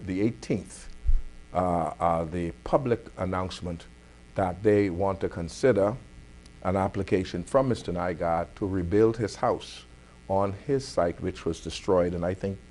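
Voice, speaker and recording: A Bahamian man hosts a community affairs talk show. His voice sits low, and he builds his argument point by point in a firm, deliberate manner. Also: a little mellow. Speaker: host.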